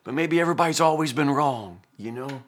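A man's voice: a little high, brisk. A man in his fifties, a pastor, teaching a Bible passage in an earnest, folksy, conversational way and often restarting his sentences.

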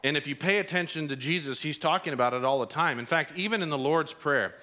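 A man preaching a sermon as pastor, telling stories in an animated way and rising to emphatic peaks. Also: on the high side, fast talker.

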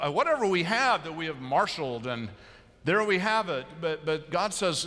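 A man's voice: on the high side, expressive, normal speed, a bit bright. A man preaching a sermon as pastor, conversational and self-amused, slipping into voices of biblical figures. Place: large church sanctuary. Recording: long hall reverb of a church.

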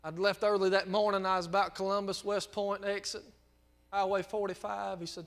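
High bright Southern preacher. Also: male voice, flat delivery, a little fast, vocal fry, in a large hall. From Mississippi. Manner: folksy storytelling preacher, rising to fervent shouting. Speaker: pastor. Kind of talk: sermon. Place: church sanctuary.

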